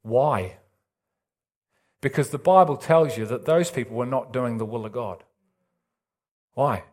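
A man's voice: mid-range voice, expressive, normal speed, long pauses. A man preaching a sermon with urgent intensity and emphatic repetition.

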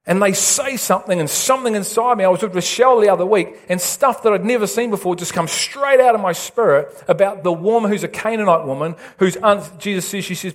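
A male pastor preaching an excitable, animated sermon with big swings in pitch.

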